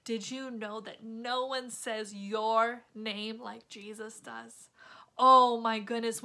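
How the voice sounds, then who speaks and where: A woman teaches children a Bible lesson in an animated, chatty way. Her voice sits high and sounds bright and sharp. She keeps turning to the kids with quick asides.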